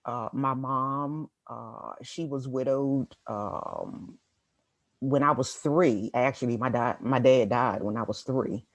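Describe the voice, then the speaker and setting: Woman guest, middle-aged, slow with fillers, laughing, dry recording. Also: very deep voice, dry recording, muffled recording. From Washington, D.C. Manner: laughs often, halting with fillers. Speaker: guest writer and real estate agent. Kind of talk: casual interview conversation.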